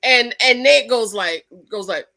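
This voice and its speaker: A woman hosting her own channel, chatting through a reality TV recap with gossipy asides and quick exclamations. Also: fairly high pitch, creaky, bright, forceful tone. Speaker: channel host. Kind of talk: casual reality TV recap commentary.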